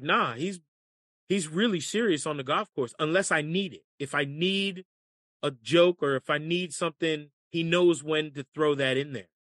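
An American man tells stories for an interview, acting out the voices in them and laughing along with the punchlines. His voice is bright and fairly high for a man. The recording sounds dry and close. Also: no room sound. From United States. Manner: animated storyteller acting out voices, laughing often. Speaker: caddie and broadcaster. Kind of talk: storytelling in a podcast interview.

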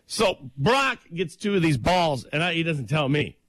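Man, morning show co-host, playful storyteller, lively pitch, dry studio sound. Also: unhurried, no room sound. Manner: animated, playful storytelling with jokey asides. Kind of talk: casual banter and storytelling.

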